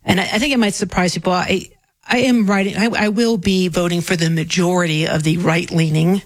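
A woman's voice: on the low side, fairly even intonation, brisk, no echo, low-quality recording. Candid woman radio host. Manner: candid, opinionated, self-deprecating. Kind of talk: casual talk radio. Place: radio studio. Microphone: studio microphone.

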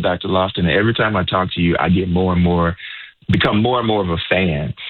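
A man's voice: low voice, breathy edge. A man hosting a health-focused radio call-in show, enthusiastic and encouraging, often repeating himself as he speaks. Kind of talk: casual radio talk. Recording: phone-like narrow sound.

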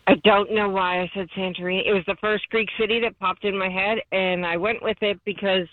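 A woman's voice: mid-range voice, fairly even intonation, a little fast, no room sound, phone-quality sound. A woman calling in to play a radio quiz, upbeat and eager. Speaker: caller, quiz contestant. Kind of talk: phone-in quiz answers.

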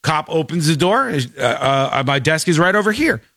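A man's voice: a little high, lively intonation, normal speed, bright, forceful tone, no echo, studio quality. A man telling a story in casual chat, acting out the people in it with shifting voices. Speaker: podcast host.

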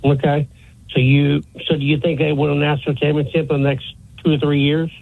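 A man's voice: on the high side, flat delivery, brisk, creaky, dry recording. A man calling a sports radio show, friendly and casual, asking about a team. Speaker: caller. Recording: tinny phone line.

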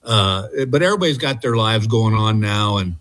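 A man in his sixties, from Texas, a comedian guest telling stories in a relaxed, chatty way, with filler pauses as he calls in. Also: lowish voice. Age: 60s. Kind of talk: casual interview chat, storytelling. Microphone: calling in by phone.

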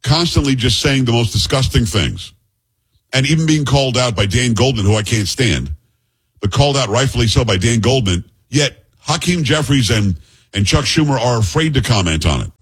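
A man's voice: medium pitch, lively intonation, moderate pace, breathy edge, poor audio. A male talk radio host in a chatty, opinionated monologue, putting direct questions to his listeners.

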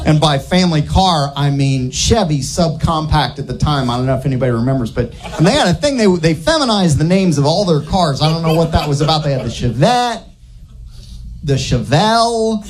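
A man doing a stand-up comedy set, telling a rambling absurd story in a deadpan way. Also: fairly high pitch, fairly quick, a crowd in the background.

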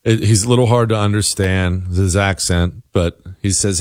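A man's voice: low voice, fairly even intonation, moderate pace, few pauses, a little mellow, dry recording, clean studio sound. A man hosting a political commentary show, talking in an emphatic, insistent, conversational monologue.

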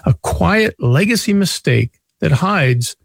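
A man's voice: a little high, lively intonation, slow pace, creaky, breathy edge, no echo. A man in his sixties hosting a radio talk show, a chatty, self-deprecating storyteller. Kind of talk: casual radio chat.

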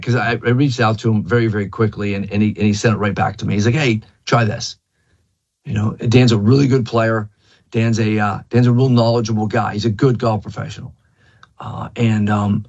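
A man's voice: mid-range voice, darkish tone. A man giving a casual golf lesson, rambling and repeating himself with many fillers. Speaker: golf instructor. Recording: dull lo-fi recording.

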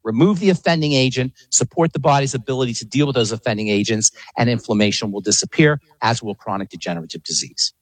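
Male radio guest, pharmacist, husky dry voice, passionate and emphatic delivery. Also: medium pitch, fast talker, hardly any pauses, no echo, low-quality recording. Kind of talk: radio interview.

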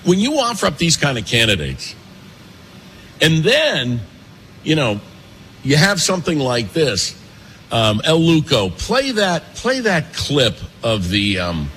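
Animated, emphatic male talk host. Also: fairly high pitch, slight background noise. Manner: animated, emphatic, fast, with repetitions. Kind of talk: opinionated political commentary. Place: pastry shop and cafe.

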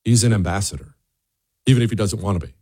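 A man giving an opinion monologue, animated and full of rhetorical questions, often repeating words as he goes. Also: fairly low pitch, fast, husky, dry recording, studio quality. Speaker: commentator.

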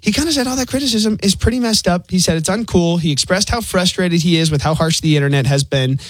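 Fast-talking male radio host. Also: sits high, no echo. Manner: quick, chatty, laughing easily. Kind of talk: casual radio banter and entertainment news.

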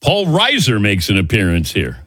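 A man's voice: on the low side, moderate pace, slightly rough, no echo. A man hosting a sports talk show, telling stories with wry asides. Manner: animated storytelling, wry asides. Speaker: sports radio host.

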